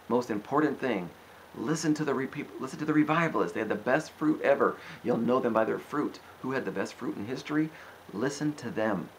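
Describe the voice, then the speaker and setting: A man at an ordinary middle pitch gives an informal, impassioned sermon. He gets worked up, pleads and exhorts, and his sentences restart and wander. A faint hiss runs under his voice. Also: rough recording. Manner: rambling with restarts and frequent "you know". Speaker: preacher answering questions.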